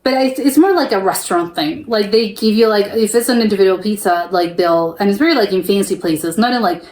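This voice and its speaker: A woman's voice: mid-range voice, a little fast, a little mellow. A young woman from the United States hosting a reaction video, rambling casually with lots of fillers and restarts. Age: young adult. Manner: rambling, full of fillers and restarts, laughs easily. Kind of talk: casual chatty reaction commentary. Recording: echoey room.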